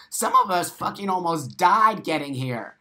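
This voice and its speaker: A man's voice: high-pitched, lively intonation, normal speed, sharp tone. A middle-aged man hosting a casual live stream, reading viewer comments aloud and answering in a blunt, profane, emphatic way.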